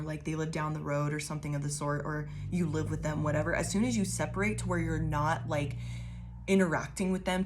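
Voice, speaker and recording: A woman with a deep voice, slight hiss or hum in the audio, gives her viewers a casual tarot reading. She rambles, swears often, laughs, and heaps affirmations on them, calling them babies.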